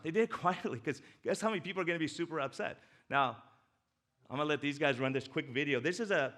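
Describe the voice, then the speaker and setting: In a church hall, a man whose voice runs on the high side presents slides at a men's breakfast. He's a doctor, and his talk is casual and full of jokes, alternating between noisy excitement and hushed feeling.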